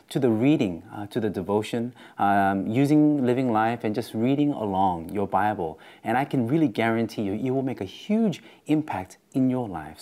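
A man's voice: on the low side, mellow. A man with an Australian accent giving a chatty, informal devotional talk as its host.

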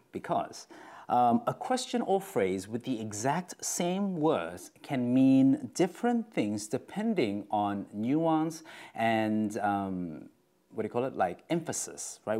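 A man's voice: mid-range voice, mellow. A man giving a casual Bible teaching in a conversational way, using lots of fillers, tag questions and shifting stress on his words. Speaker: devotional speaker.

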